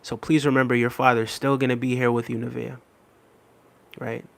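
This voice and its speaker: A man's voice: medium pitch, level tone, normal speed, gravelly. A man with an ordinary mid-range voice hosts a livestream. He chats casually with viewers, reading their comments aloud, repeating phrases and laughing often. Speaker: livestream host.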